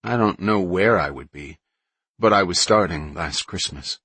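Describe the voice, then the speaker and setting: A man reading a brainy teenage girl who explains her plans in a precise, calm way, in an audiobook. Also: low-pitched, unhurried, slightly rough, no echo, exaggerated voice. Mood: explaining.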